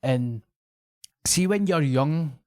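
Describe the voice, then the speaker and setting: A man with a Scottish accent, a guest comedian, telling a story in a loose, animated way, swearing freely and slipping into other people's voices. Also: fairly high pitch, slow pace, no echo, clean studio sound. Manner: animated, swearing, acting out quoted locals. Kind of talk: casual podcast storytelling.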